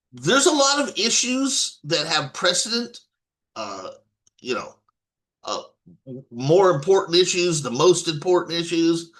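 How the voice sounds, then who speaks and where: Man, fairly high voice, rambling political rant, restarts a lot, swears bluntly. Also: fairly bright tone. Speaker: political commentator. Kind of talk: off-the-cuff political monologue.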